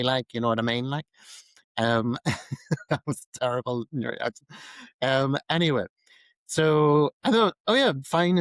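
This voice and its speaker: A man's voice: lowish voice, clean tone, no room sound, poor audio. Chatty Northern Irish man, dry sound. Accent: Newry, Northern Irish. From Northern Ireland. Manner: chatty storyteller, laughs often, many ums. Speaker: podcast co-host. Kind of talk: casual chat.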